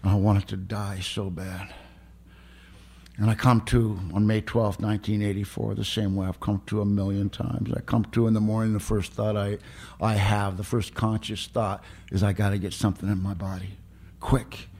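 A man's voice: fairly low pitch, level tone, moderate pace, gravelly, darkish tone, breathy edge. A middle-aged man, telling his own story at a recovery meeting in a raw, plain-spoken way. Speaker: recovery speaker.

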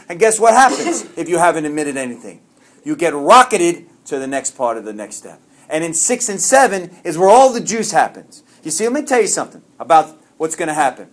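A man tells a personal recovery story at a meeting, his high-sitting voice swinging between loud bursts and quiet asides.

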